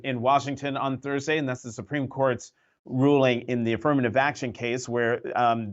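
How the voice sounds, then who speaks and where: A man's voice: medium pitch, lo-fi sound. A man hosting a political roundtable, speaking conversationally and sometimes stumbling or repeating words as he sets up questions. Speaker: host.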